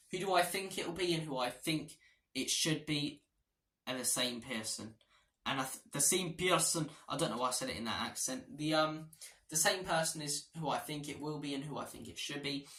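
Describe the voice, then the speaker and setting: Male fan vlogger, passionate and opinionated, bright voice, recorded in an echoey room. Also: medium pitch. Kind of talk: opinionated match preview.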